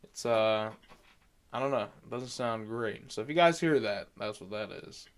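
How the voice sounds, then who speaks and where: Recording remotely from his home computer chair, a podcast co-host with a smooth, fairly low voice speaks at a moderate pace. He chats loosely and rambles, throwing in some self-deprecating jokes.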